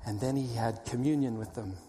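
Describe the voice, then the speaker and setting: A male pastor preaching a sermon, swinging from loud animated storytelling to hushed, low emphasis. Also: a little fast, in a large hall, slight background noise.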